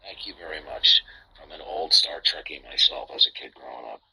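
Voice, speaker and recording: A man's voice: very deep voice, fairly even intonation, a little fast, crowd noise, low-quality recording. A man hosting a live audio chat room, who talks in bursts, repeats his words and keeps asking "okay?".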